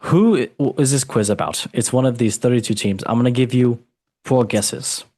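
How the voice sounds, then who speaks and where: A man's voice: medium pitch, moderate pace, warm tone, no echo. A man hosting a football quiz, playful and teasing, calling his guest mate. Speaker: podcast host and quizmaster. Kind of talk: casual podcast chat.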